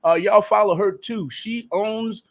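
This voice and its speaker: A man's voice: high voice, fairly even intonation, measured pace. A man hosting a live radio talk show, chatting casually with loose, joking slang.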